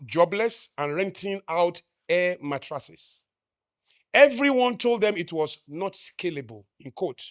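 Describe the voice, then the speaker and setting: A man with a Nigerian accent giving a live motivational talk, emphatic, firing rhetorical questions at the crowd and swinging between loud declarations and quiet asides. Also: sits high, dry recording, clean studio sound. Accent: Nigerian English. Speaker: motivational speaker. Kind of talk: live stage talk to an audience.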